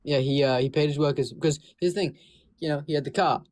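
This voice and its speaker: A man calmly debating in a casual chat, earnest and a bit halting. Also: on the high side. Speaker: guest debater.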